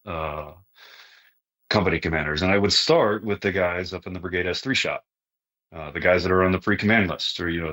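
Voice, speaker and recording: In a casual conversational interview, a middle-aged man with a low voice speaks in a relaxed, plain-spoken way. He is a retired army sergeant major appearing as a podcast guest, and he often wraps up a point with "right?" as he explains how things work.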